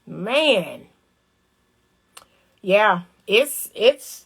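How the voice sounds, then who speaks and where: A woman giving casual, animated commentary on relationships. She talks straight to her viewers in colloquial speech, repeats phrases for emphasis and acts out little scenes. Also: a little high, unhurried. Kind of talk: casual direct-to-camera commentary.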